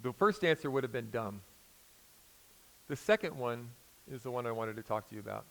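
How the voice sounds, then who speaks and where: A man's voice: mid-range voice, animated, fairly quick, creaky, poor audio. Storytelling American man preaching a sermon. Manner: conversational storytelling preacher, swings from loud emphasis to quiet intensity. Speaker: pastor.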